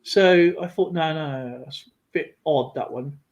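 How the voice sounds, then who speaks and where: A man chatting casually on a livestream, rambling through an animated story with lots of fillers. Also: a little high, a little slow, dull audio. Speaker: guest on a livestream. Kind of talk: casual chat.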